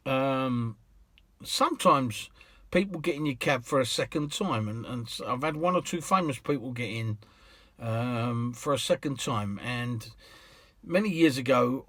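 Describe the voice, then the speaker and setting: A man's voice: on the high side, fairly bright tone, no echo. A man with a British accent, a cab driver telling casual anecdotes in a chatty, rambling way. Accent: British English. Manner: chatty, rambling, with restarts and laughs.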